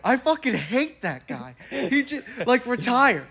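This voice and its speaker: Exasperated young man, high voice. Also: big pitch swings, measured pace, creaky, sharp tone. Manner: exasperated ranting, swears. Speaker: podcast co-host. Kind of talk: casual sports chat.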